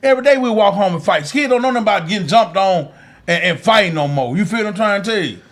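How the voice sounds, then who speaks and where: A man co-hosting a podcast, telling profane, animated childhood stories in casual chat. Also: sits high, quick pace. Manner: animated, profane storytelling with frequent restarts and laughter. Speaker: podcast co-host.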